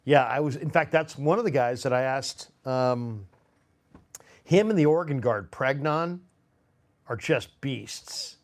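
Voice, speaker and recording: A man's voice: medium pitch, unhurried. A man hosting a live sports stream, chatting casually and rambling with fillers and restarts. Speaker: sports show host. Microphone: phone.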